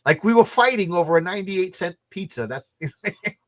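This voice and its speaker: A man's voice: high voice, expressive, moderate pace. A tired man hosting a late-night chat, telling rambling stories with many restarts and repeated words. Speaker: comic book creator hosting a launch stream.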